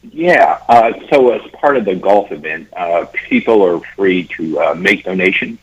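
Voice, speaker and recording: A man guest on a radio talk show, talking casually and haltingly with many fillers. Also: low-pitched, expressive, slightly rough. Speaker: event organizer guest. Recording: dull lo-fi radio audio.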